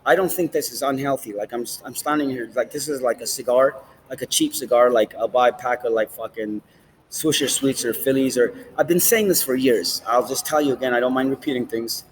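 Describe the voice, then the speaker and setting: A man's voice: mid-range voice, a little fast, slight background noise, poor audio. Rambling, profane man vlogging. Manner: rambling, swears often, jumps between topics. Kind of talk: rambling casual monologue. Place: outdoors, standing, smoking a cigar.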